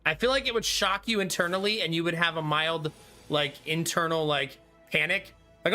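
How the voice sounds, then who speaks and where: A man's voice: on the high side, moderate pace, sharp tone. A man in his thirties chatting casually with his live-stream chat while playing a card game, laughing often. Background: faint game music.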